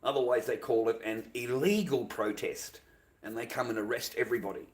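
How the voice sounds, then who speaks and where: Aussie bloke on a livestream going off, swearing every few words, says things twice, normal pitch voice. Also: male voice, fairly even intonation, brisk. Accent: Australian. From Australia. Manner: angry, profane, repetitive ranting. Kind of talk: livestream rant.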